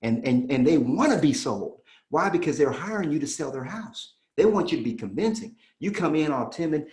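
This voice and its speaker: A man leading an energetic sales training, speaking emphatically like a preacher, repeating his key lines and acting out both sides of client conversations. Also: fairly high pitch, moderate pace, few pauses. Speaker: real estate sales trainer. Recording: roomy echo.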